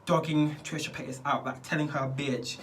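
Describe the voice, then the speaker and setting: A man's voice: a little high, normal speed, fairly bright tone, recorded from a distance, a little hiss or hum. A man vlogging casually while doing his skincare, rambling and chatty and laughing often. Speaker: beauty vlogger.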